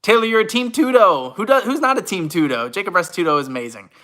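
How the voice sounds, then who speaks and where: Young guy rambling on a phone livestream, bright voice, laughs a lot, says thank you to everyone. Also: high voice, animated, fast talker. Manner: warm, rambling, self-deprecating, laughs often; reads comments aloud and thanks viewers. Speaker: YouTuber and actor. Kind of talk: casual livestream chat.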